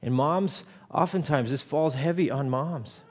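A man's voice: a little high, a little slow. A man in his thirties, a pastor giving a conversational sermon, often repeating words as he starts a thought.

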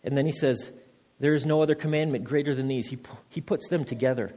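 A man pastor giving a sermon, reading scripture slowly and then preaching with rising emphasis and repeated words. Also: medium pitch, mellow, slightly rough. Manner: repeats words when restarting phrases. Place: church.

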